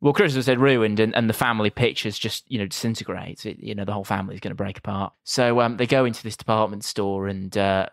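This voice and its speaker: A man's voice: lowish voice, fairly even intonation, fast talker, hardly any pauses, no room sound. A man co-hosting a casual film review podcast, rambling in a dry, mocking way. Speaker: podcast co-host.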